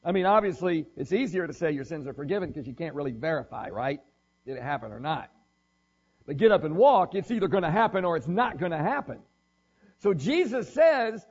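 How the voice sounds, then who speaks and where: A man's voice: on the high side, sing-song, brisk, slightly rough, muffled recording. A man preaching a casual, conversational sermon, joking and thinking aloud as he goes.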